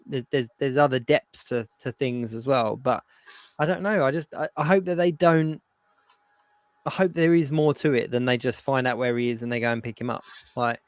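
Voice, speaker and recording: A man's voice: mid-range voice, steady tone, normal speed, dry recording. A man co-hosting a casual live stream, easygoing and agreeable, often repeating his phrases. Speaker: co-host.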